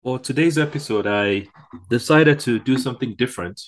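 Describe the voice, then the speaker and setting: A man's voice: medium pitch, normal speed. A man hosting a podcast, introducing the episode and guest in a casual, hesitant way with many fillers. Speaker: podcast host.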